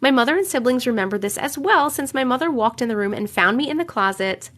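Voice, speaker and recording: Chatty high-voiced woman streamer. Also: lively intonation, fast talker, a bit bright. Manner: chatty, swears casually, laughs and reacts while reading. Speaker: streamer reading viewer stories. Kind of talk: casual live-stream chat and story reading. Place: home room, alone.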